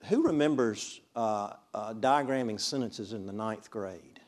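In a classroom with a board, a man from Mississippi leads a conversational Bible study, regularly asking his class questions. He speaks unhurriedly in a fairly low, darkish voice.

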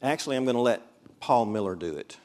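A man from Mississippi, USA, teaches a Bible study in a classroom with a board, keeping it chatty and conversational and often asking his class questions. His mid-range voice has lively intonation and a darkish tone, and he talks quickly.

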